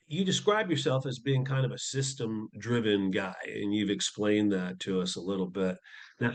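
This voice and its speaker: A man hosting a business podcast, asking measured questions. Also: lowish voice. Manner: measured, asks careful questions with fillers. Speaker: podcast host. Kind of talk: interview questions.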